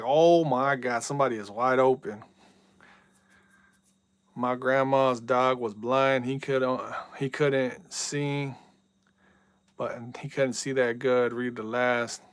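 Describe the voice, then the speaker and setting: A man streams a football video game live, chatting casually, reading viewer messages aloud and yelling at big plays. His voice is medium-pitched and smooth, with no room sound.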